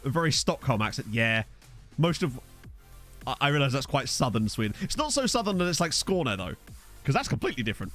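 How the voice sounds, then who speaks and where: A man streaming a football management game, rambling and riffing with his chat between excitable outbursts. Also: medium pitch, a little fast, soft background music.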